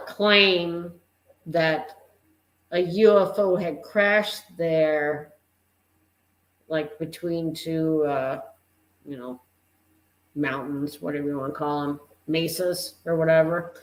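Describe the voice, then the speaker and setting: Podcast co-host, slow speculative chat, echoey room. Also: mid-range voice, fairly even intonation. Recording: roomy echo.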